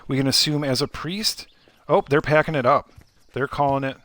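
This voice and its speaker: A man's voice: medium pitch, moderate pace, fairly bright tone. A man with a Midwestern accent giving joking, rambling play-by-play commentary on a live game event. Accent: Midwestern American.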